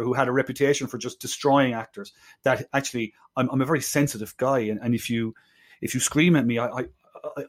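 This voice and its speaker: A man co-hosting a film podcast, talking with many hesitant restarts and a tone of exasperated disbelief. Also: a little high. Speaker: podcast co-host. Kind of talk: casual film review chat.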